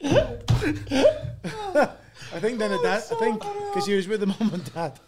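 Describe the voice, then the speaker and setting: A man, a comedian guest, chats casually and tells rambling anecdotes, often breaking into laughter and swearing as he goes. His voice sits a little higher than most men's. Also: huge pitch swings, fairly quick, heavy background noise. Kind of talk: casual chat.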